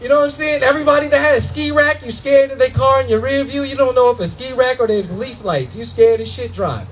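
A young adult man doing a loud, animated stand-up comedy set in a comedy club, full of profanity and acted-out voices. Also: very high-pitched, fast, poor audio.

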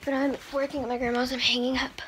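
A high-voiced young woman with a drawl chats to her phone camera in a loose, rambling vlog. She sounds tired and keeps hiccuping between thoughts. A faint hum of room noise sits under her voice. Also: level tone, fast, a bit bright. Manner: chatty, scattered, says she is tired. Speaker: vlogger. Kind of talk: casual vlog chat to camera.

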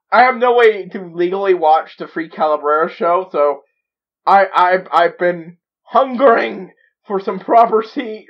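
A high-pitched man hosts a reaction video, and the audio sounds dull. His commentary is excited and giddy, rambling along with lots of stammered restarts.

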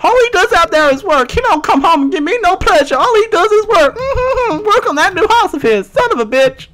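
A man putting on the voice of a loud, jealous wife scolding her husband in a sassy, shrill way during a game recording. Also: big pitch swings, brisk, heavily acted. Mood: complaining.

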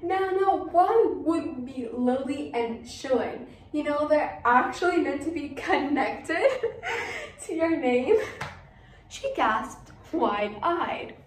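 A woman's voice: sits high, lively intonation, slow pace. A teenage student actress performing a stage monologue as a chatty girl amused by her family, giggling as she tells it. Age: teens. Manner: giggly, gossipy storytelling. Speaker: student actor. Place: school stage. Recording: echoey hall from far off, faint ambient noise.

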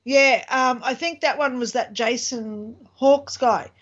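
High-pitched aussie woman, 50s, chatty and animated, kinda muffled lo-fi audio. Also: slow pace. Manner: chatty, animated, lots of fillers. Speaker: co-host. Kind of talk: casual chat.

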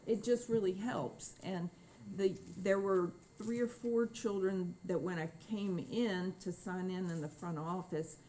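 A woman's voice: mid-range voice, steady tone, a little slow, a little hiss or hum, poor audio. Chatty woman chairing a board meeting. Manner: chatty, warm anecdotal remarks with fillers. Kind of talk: formal meeting remarks. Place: meeting room.

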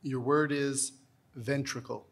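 A man acting as a spelling bee pronouncer, reading out words and their definitions with careful, measured enunciation. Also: mid-range voice, fairly even intonation.

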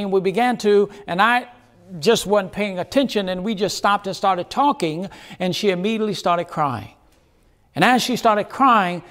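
A pastor preaching a sermon, earnest, with dramatic pauses and repeated phrases. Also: male voice, sits high, a bit bright.

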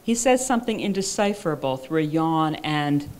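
A woman's voice: sits low, expressive, moderate pace, a little mellow. Woman reading fiction aloud, dry and wry. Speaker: author reading her fiction. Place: live reading at a writers' conference.

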